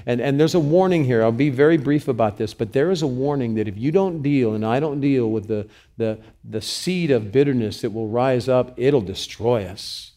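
A male pastor preaching a sermon, moving between loud scripture reading and quiet, intimate asides. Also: medium pitch, moderate pace, hardly any pauses.

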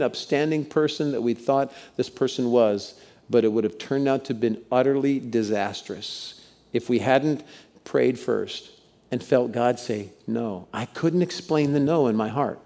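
A man's voice: medium pitch, dark tone. A middle-aged male pastor preaching a sermon to his congregation, telling stories and leading them in call-outs. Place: church sanctuary with congregation.

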